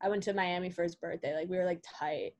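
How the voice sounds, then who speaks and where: A woman's voice: lowish voice, fast. Chatty young woman telling stories. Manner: animated storytelling, heavy "like", swears freely. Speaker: podcast co-host. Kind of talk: casual chat.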